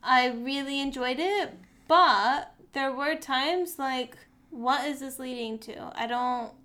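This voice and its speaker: A fairly high-pitched woman tells a movie plot in casual podcast chat. She is animated and slips into quick voices for the characters. Her telling runs loose and chatty. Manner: animated storyteller, acts out quotes. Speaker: podcast co-host.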